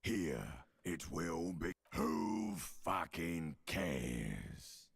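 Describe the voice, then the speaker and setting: A man voicing a menacing inner voice in a video game, speaking slowly and darkly. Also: low-pitched, animated, gravelly, husky, heavily acted. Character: menacing deep male inner voice.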